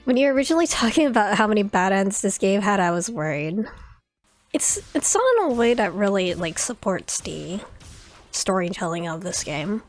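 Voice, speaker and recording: A woman's voice: mid-range voice, animated, moderate pace, faint music behind. A woman streaming a story game, chatting curiously and reading the text aloud. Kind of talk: playthrough commentary and reading aloud.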